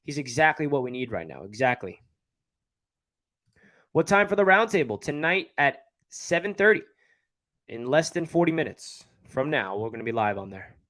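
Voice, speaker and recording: A man's voice: medium pitch, very animated, normal speed, pauses often, a bit bright. A man with a New York area accent hosting a casual live stream, chatting and answering viewer comments as he reads them. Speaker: livestream host.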